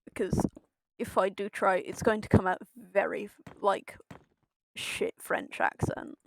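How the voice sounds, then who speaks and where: A woman's voice: mid-range voice, steady tone, slow pace, creaky. A young woman streaming a building game, thinking aloud in a hesitant way and chatting to her viewers. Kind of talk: casual commentary while playing a building game.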